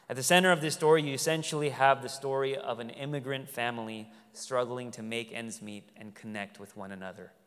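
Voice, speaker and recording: Guy preaching a sermon, smooth clear voice, big hall ringing behind him, goes loud then real soft. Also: medium pitch. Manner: earnest, swings from loud emphasis to hushed tenderness. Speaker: pastor. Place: large hall with a congregation. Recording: long hall reverb.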